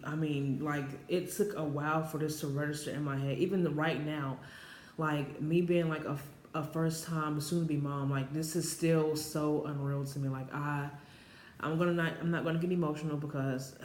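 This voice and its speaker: A woman's voice: low voice, fairly even intonation, normal speed, darkish tone. A woman in her late twenties telling a personal story to camera in a chatty, rambling way, full of filler words. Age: 20s. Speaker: vlogger. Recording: roomy echo with faint background noise.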